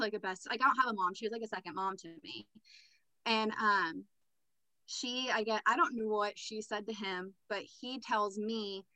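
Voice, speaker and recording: A woman's voice: medium pitch, sharp tone, dry recording, poor audio. A young adult woman telling a personal story as a podcast guest, candid and matter-of-fact. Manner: candid, matter-of-fact recounting with filler words.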